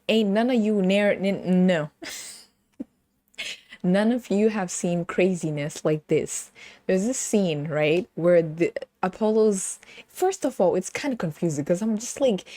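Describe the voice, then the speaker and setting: A woman's voice: mid-range voice, dark tone, no room sound. A woman with a British accent hosting a podcast, chatting casually and playfully, laughing often and breaking into sing-song bits. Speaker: podcast host. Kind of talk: casual chat.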